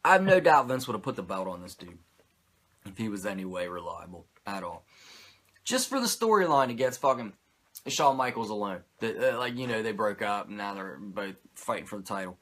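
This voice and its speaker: Man, podcast host, casual wrestling recap, profane, rambling, fillers, bright voice, lively pitch. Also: a little fast.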